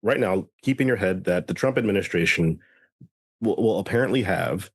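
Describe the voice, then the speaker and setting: Rambling low-voiced man. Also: normal speed, slightly rough, no echo. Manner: rambling, self-correcting with many restarts and fillers. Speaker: podcast co-host. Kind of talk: casual political chat.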